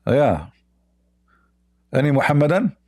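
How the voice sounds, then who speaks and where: A man's voice: on the high side, big pitch swings, a little slow, darkish tone. A man hosting a live debate stream, talking casually in a sarcastic, taunting way with lots of hesitant fillers.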